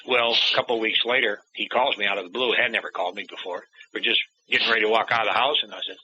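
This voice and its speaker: Speaking rapid-fire with hardly any pauses, this middle-aged interview guest recounts a personal story, performing the remembered dialogue in changing voices. His lowish voice has fairly even intonation and a pushed, bright quality. Slight background noise sits under the dull lo-fi recording.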